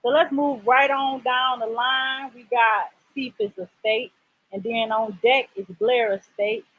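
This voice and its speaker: A woman's voice: a little high, steady tone, unhurried, narrow, tinny audio. A woman from Illinois hosting a casual live stream with clients over a laptop video call, chatty and playful with folksy slang. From Illinois, USA. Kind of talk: casual livestream chat. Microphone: laptop mic on a video call.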